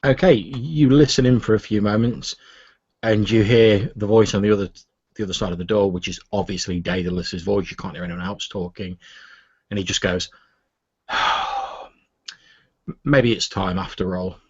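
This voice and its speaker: A man narrating a tabletop game as game master, relaxed and a little hesitant. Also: on the low side, moderate pace, pauses often, slightly rough, dry recording, lo-fi sound.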